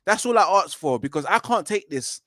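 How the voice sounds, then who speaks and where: A man's voice: high-pitched, animated, normal speed, a bit bright, dry recording, studio quality. A man, debating football in a casual fan chat over a video call, emphatic and repetitive. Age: 30s. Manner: emphatic, repeats "you know" and "man". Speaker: football fan show co-host.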